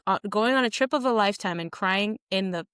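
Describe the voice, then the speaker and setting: A young woman co-hosting a podcast in casual chat, animated and jokey, acting out quotes. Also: medium pitch, fairly quick, clean tone, no room sound, clean studio sound. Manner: animated, jokey, calls co-host "friend", acts out quotes. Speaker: podcast co-host.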